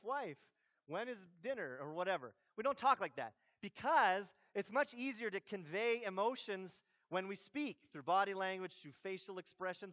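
A man, a pastor, giving a sermon in a conversational, animated way with casual asides. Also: high-pitched, dry recording, lo-fi sound.

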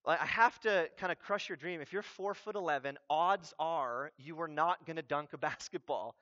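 High-voiced animated male preacher. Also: normal speed. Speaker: pastor. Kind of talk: sermon. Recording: dull lo-fi recording.

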